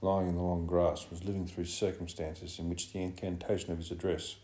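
A man with a very low, dark voice reads a novel aloud in a measured, grave way. The narration sounds roomy, with a noticeable echo. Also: little pitch movement. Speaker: audiobook narrator. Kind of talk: scripted narration.

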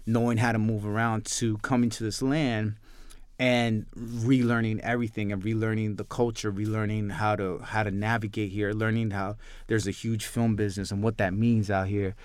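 New male filmmaker, low smooth voice, chatty storyteller who restarts often. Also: fairly quick, no room sound. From New York. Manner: rambling, animated, many restarts. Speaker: filmmaker guest. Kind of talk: casual interview storytelling.

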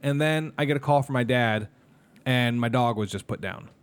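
Man, 30s, podcast co-host, candid and rambling, mid-pitched voice, fillers and restarts. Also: normal speed, clean tone. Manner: candid, rambling, emotional storytelling with many fillers. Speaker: podcast co-host, mascot performer. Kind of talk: casual podcast chat.

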